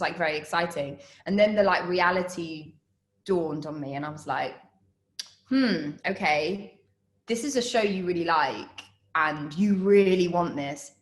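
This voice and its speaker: An actress in her thirties answers student questions in a loose, chatty way, full of fillers and quick laughs. Her voice sits a little low for a woman. The room around her rings with echo. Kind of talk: casual Q&A over video call. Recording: roomy echo on a call.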